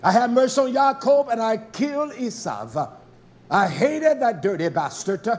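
A man's voice: extremely high pitch, sing-song, a little slow. A man preaching a fiery, confrontational sermon, scolding his listeners and firing rhetorical questions at them.

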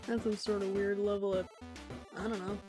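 A woman playing a deadpan ironic young guy. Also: mid-range voice, normal speed, music in the background, lightly acted. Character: sardonic young man, ironic joker.

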